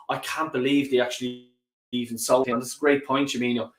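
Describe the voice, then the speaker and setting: A man hosting a football fan live stream, reading viewer comments in a lively, sweary way. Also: medium pitch, a little fast, reverberant. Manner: animated and sweary, rants and laughs often. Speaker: football fan channel host.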